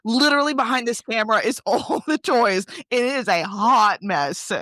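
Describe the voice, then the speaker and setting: Woman host, casual interview, giggly, worn voice, video call, slightly high. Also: moderate pace, sharp tone, no room sound, studio quality. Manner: giggly, laughs between phrases. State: voice worn from laughing.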